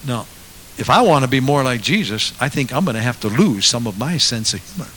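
A man preaching a sermon as a pastor, moving from quiet asides to loud, impassioned passages. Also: medium pitch, very animated, brisk, slight background noise.

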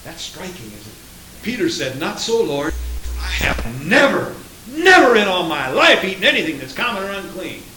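Dramatic high-voiced preacher in an echoey hall. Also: male voice, very animated, normal speed. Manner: dramatic, swinging from loud to hushed. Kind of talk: sermon. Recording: echoey hall from far off, faint hiss.

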